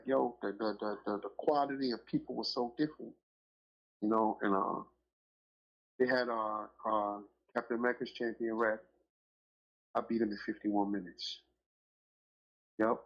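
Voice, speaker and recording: A middle-aged man with a gravelly, husky voice tells long stories in a rambling way. He swears constantly and leans hard on his points. The audio sounds dull and lo-fi. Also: on the low side. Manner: profane, rambling and emphatic, with many filler phrases. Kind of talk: casual podcast storytelling.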